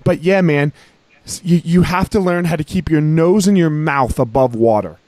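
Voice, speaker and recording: A man's voice: on the high side, normal speed, a little mellow, no echo. A man hosting a podcast, talking in a laid-back, encouraging way with some swearing. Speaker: podcast host. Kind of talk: casual podcast chat.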